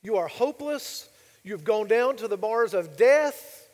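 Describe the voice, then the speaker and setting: A man's voice: high-pitched, animated, unhurried, long reverb tail. A male pastor preaching a sermon, emphatic and full of rhetorical questions to the congregation.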